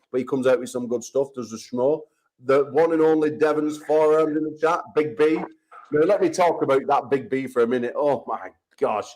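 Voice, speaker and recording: A man's voice: mid-range voice, darkish tone, poor audio. English guy hosting a banter show, swears constantly, brash trash talk, mid voice. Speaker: host. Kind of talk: rowdy call-in chat show banter.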